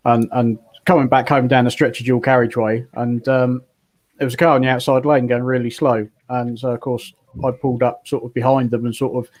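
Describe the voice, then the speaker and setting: A man's voice: mid-range voice, little pitch movement, fairly quick, a little mellow. A man from England chatting casually while gaming, telling rambling stories with frequent ums and chuckles. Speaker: gaming chat participant.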